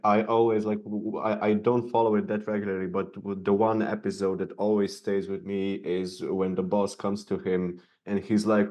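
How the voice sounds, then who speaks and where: A man with a very low voice hosts a podcast interview. He is friendly and laughs easily between his questions. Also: flat delivery, moderate pace, hardly any pauses, darkish tone, lo-fi sound. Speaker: podcast host.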